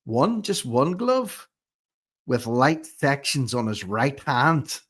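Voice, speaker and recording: A man's voice: mid-range voice, sing-song, takes it slowly, fairly bright tone, slightly rough. A man hosting an opinionated commentary vlog, reading news reports aloud and then firing off indignant rhetorical questions. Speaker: host of a commentary channel.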